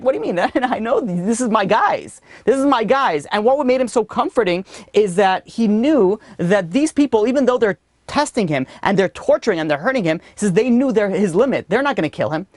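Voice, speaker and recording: A man teaching a religious class, telling a story in a lively way with many "you know" asides. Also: sits high, dry recording, clean studio sound. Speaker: rabbi teaching a weekly class.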